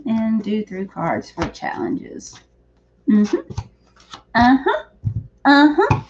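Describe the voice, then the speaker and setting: A woman's voice: on the high side, wildly swooping pitch, very slow, background noise. A woman doing a live tarot reading, chatty and rambling, often correcting herself, in the back room of a shop. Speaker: psychic reader. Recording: dull lo-fi stream audio.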